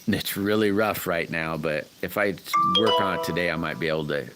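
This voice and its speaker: A man's voice: deep voice, normal speed, over loud music. A man hosting a casual livestream, rambling folksy stories and greeting viewers by name. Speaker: livestream host chatting with viewers.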